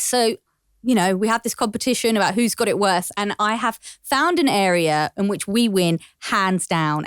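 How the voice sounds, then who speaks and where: A British woman chatting as a podcast guest, lively and quick to laugh, wandering off on small digressions. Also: medium pitch, clean tone, dry recording, clean studio sound. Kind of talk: casual chat.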